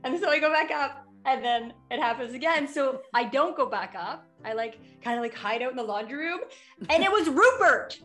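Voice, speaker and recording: A woman with a high, bright voice tells an animated story among friends, acting out each line she quotes. Faint music runs underneath the conversation. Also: normal speed. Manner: lively storyteller who acts out quotes. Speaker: book club co-host. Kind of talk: casual group chat.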